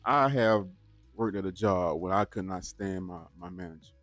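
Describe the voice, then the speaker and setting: A man's voice: low voice, moderate pace, fairly bright tone, no room sound, soft background music. A man hosting a reaction channel, talking casually and straight to his viewers, often repeating words as he goes. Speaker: host of a bodycam reaction channel.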